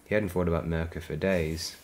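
Deep-voiced male audiobook reader. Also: fairly even intonation, fairly quick, low-quality recording. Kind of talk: fan audiobook narration.

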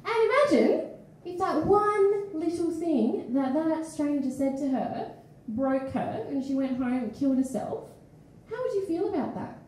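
Animated Australian woman telling a story live. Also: sits high, measured pace, a little hiss or hum. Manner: animated, acts out the people in her story. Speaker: feature poet. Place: small studio venue with a live audience. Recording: echoey live room recording.

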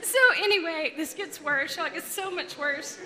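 A woman giving a lively testimony talk to a group as a ministry speaker, often laughing as she tells it. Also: sits high, normal speed, background noise. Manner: animated, laughing storyteller.

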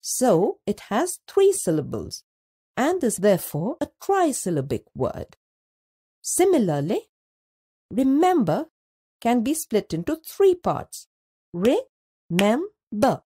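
Slow, careful woman narrating a lesson. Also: a little high, huge pitch swings, warm tone, breathy edge. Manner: slow, deliberate, drawing out words syllable by syllable. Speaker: teacher narrator. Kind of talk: scripted educational narration.

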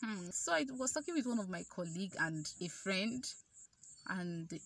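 A woman's voice: medium pitch, moderate pace, slightly rough. A young Nigerian woman with a Nigerian accent, vlogging a personal story in a chatty way with many fillers. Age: young adult. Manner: chatty, animated quoted dialogue, many fillers. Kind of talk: casual storytelling to camera.

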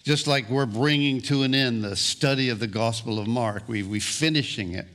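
A male pastor preaching a sermon, slow and deliberate, often restarting and repeating words. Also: mid-range voice, fairly bright tone.

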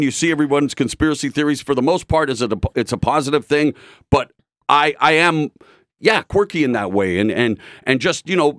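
A man's voice: fairly high pitch, a bit bright, no echo, studio quality. A middle-aged man talking candidly as an interview guest, intense and rambling with frequent restarts. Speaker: guest, broadcaster.

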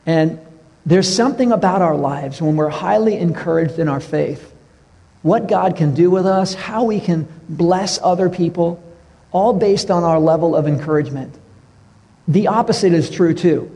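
A middle-aged man preaching a sermon as a pastor, telling stories and dropping to a soft hush for tender moments. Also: on the high side, moderate pace, slightly rough, long reverb tail. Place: church sanctuary.

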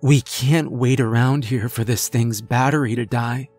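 A man's voice: mid-range voice, fairly even intonation, measured pace, darkish tone, faint music behind, lightly acted. A man voicing a frightened young woman who talks tensely and urgently.

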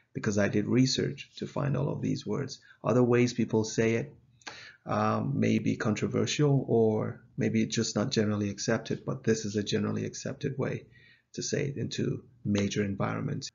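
A man teaching a video lesson, explaining in a measured way with an occasional filler, on a dull lo-fi recording. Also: fairly low pitch, gravelly, a little mellow, husky. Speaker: math teacher.

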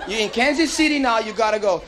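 A man's voice: high voice, moderate pace. A man doing live stand-up comedy, with a Hawaiian Pidgin accent, working the crowd playfully. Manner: animated, playful crowd work with put-on voices. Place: comedy club stage. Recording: live club recording on vinyl with audience laughter and hiss. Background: audience laughing.

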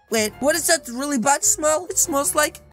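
A woman's voice: high voice, a little slow, a bit bright, faint music behind. A woman hosting a game role-play video, chatty and silly, talking straight to her viewers. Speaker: gaming video host.

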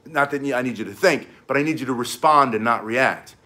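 A man's voice: medium pitch, fairly quick, pushed and bright. A man teaching cane self-defense, talking intensely while he demonstrates the moves. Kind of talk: demonstration lesson.

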